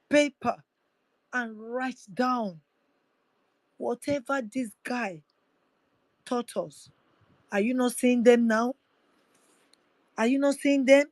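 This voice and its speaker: A woman's voice: a little high, no room sound, rough recording. A woman hosting a livestream, urging listeners in a fervent, repetitive way. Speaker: livestream host. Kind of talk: impassioned activist address.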